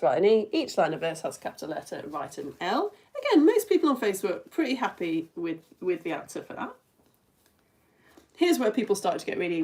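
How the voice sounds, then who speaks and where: Mellow-voiced woman teaching a playful quiz. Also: mid-range voice. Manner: playful, giggly, talks straight to viewers. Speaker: teacher of all-ages online lessons. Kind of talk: live-streamed quiz lesson.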